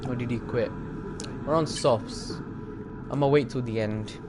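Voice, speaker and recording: Young male streamer, excitable play-by-play of his own racing laps, engine roar behind. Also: medium pitch, unhurried, background noise. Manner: excitable, talks to the other drivers. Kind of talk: live racing game commentary.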